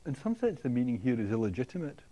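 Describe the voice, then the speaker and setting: A man giving a university lecture, talking in a halting way with many ums and restarts, often checking in with the students. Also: mid-range voice, very animated, dark tone. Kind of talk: classroom lecture. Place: lecture hall.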